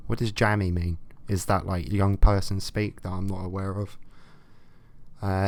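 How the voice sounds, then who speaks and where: A young man with a fairly low voice delivers a sarcastic, swear-heavy comedic rant. He reads letters aloud and mocks them. The sound is dry, with no room echo. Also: little pitch movement, measured pace. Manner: profane, sarcastic ranting. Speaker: vlogger.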